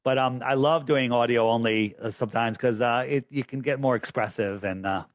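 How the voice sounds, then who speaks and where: A man's voice: mid-range voice, normal speed, no echo. Guy rambling on a podcast, keeps losing his point then preaches hard, dead dry sound. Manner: rambling, loses his train of thought; emphatic, preachy. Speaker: podcast guest. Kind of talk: casual interview talk.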